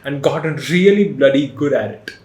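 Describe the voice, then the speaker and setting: Guy hosting a podcast, chatty and animated, slightly higher voice, roomy echo. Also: moderate pace. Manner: animated, laughs often, puts on mock voices. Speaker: podcast host. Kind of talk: casual chat.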